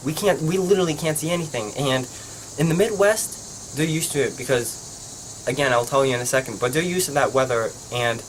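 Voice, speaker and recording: Young male vlogger, casual rambling storyteller, middle pitch, faint hum behind. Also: brisk. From Pennsylvania. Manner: rambling, heavy use of "like".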